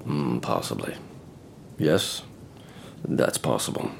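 Drunk gloomy middle-aged landowner, swings all over in pitch, faint rumble behind. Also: male voice, lively intonation, slow, gravelly, full character voice. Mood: drunken. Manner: rambling, melancholy, pleading. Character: bitter drunken middle-aged estate manager, self-pitying. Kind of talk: stage drama acting.

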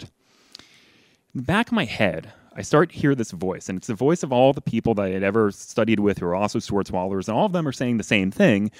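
A young adult man telling a personal story on stage, animated and self-deprecating, sometimes laughing as he talks. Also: medium pitch, dry recording. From lived in Washington, D.C.

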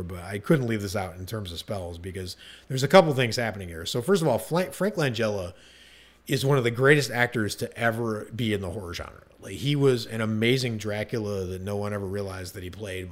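A man co-hosting a podcast, chatting casually and enthusiastically, rambling with many fillers and restarts. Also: fairly low pitch. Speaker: podcast co-host.

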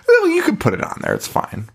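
A man co-hosting a casual podcast, retelling a horror movie scene by scene. His pitch swings widely and his delivery is loose and profane. He keeps a sarcastic edge and laughs between lines. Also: creaky, a bit bright, husky. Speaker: podcast co-host. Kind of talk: casual movie recap chat.

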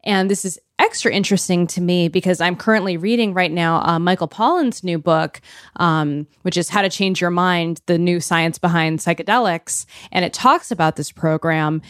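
A woman's voice: on the low side, normal speed, no echo. Chatty woman podcast co-host, dry sound. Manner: chatty, laughs easily, self-deprecating. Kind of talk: casual book podcast chat.

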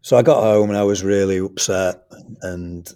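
English guy telling a story in an interview, lowish voice, chatty and animated, restarts his sentences. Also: moderate pace. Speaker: guest, school trust leader.

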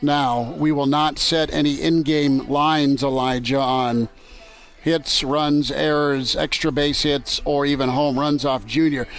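Man, radio host, slightly high voice, joking banter, broadcasting from a ballpark. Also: steady tone, slow. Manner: joking, loose, easygoing banter. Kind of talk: casual sports talk radio. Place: outdoors at a ballpark.

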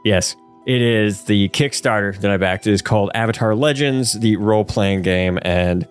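A man co-hosting a casual podcast, chatting with excited, geeky enthusiasm and frequent laughter. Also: lowish voice, moderate pace, smooth, faint music behind. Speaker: podcast co-host. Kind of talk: casual chat.

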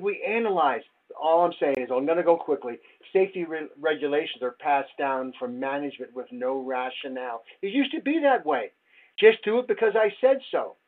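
An older man, a safety researcher, giving a wry slide presentation full of rhetorical questions. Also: fairly high pitch. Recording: tinny phone-like audio.

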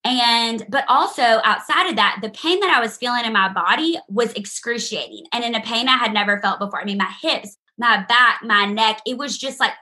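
A young woman tells her story to a gathered audience with earnest, heartfelt conviction. Her voice is bright and lifted, sitting a little high. She talks to listeners directly and personally, as if among friends. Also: normal speed, hardly any pauses. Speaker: speaker sharing her testimony.

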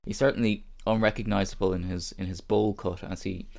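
A man co-hosting a podcast in casual chat, relaxed and rambling with fillers. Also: on the low side, a little fast, vocal fry, noisy background. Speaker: podcast co-host.

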